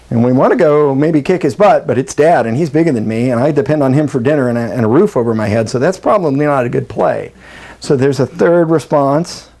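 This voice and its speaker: A middle-aged man giving a live workshop talk to a group, animated and joking, often acting out the voices of the people he quotes. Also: mid-range voice. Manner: animated, acts out quoted voices, jokey asides. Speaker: breathwork workshop presenter.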